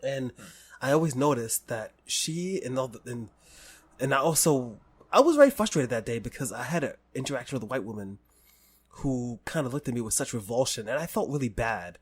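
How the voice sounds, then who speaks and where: A man's voice: medium pitch, animated, fairly quick, slightly rough. A man hosting a podcast in casual chat, American, telling long stories and breaking into laughter often. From United States. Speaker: podcast host.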